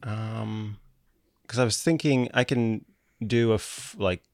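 A man's voice: lowish voice, fairly even intonation, slow pace, darkish tone, no room sound, studio quality. A man playing a tabletop game, chatting casually and thinking aloud. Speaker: player.

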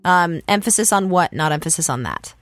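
A woman's voice: fairly low pitch, animated, fairly quick. A woman directing a recording session, patiently showing how a line should be read. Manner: patient, acting out how lines should sound. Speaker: director of the radio drama.

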